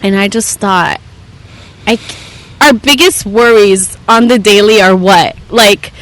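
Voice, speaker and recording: Young woman podcast guest, earnest storyteller, mid-pitched, conversational. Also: a little slow, a bit bright, low-quality recording. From Southern California. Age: young adult. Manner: earnest storytelling, acts out quoted voices with raised pitch.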